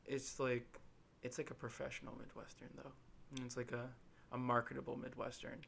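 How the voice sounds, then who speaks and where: Rambling young man with a gravelly voice. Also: mid-range voice, a little fast, slight background noise. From Illinois, USA. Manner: rambling, filler-heavy storytelling with animated quoted voices. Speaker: podcast co-host. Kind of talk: casual chat.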